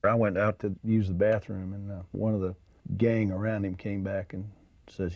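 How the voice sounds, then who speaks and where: A man in an interview telling an anecdote in an animated way, acting out the dialogue. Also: fairly low pitch, normal speed, lo-fi sound. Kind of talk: anecdotal storytelling.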